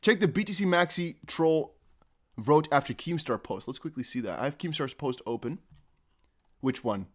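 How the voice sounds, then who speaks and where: A man's voice: on the high side, lively intonation, moderate pace. Rambling Dutch-accented man, crypto livestream. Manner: rambling, trails off with "I don't know"; reads viewer comments aloud. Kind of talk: casual live-stream chat.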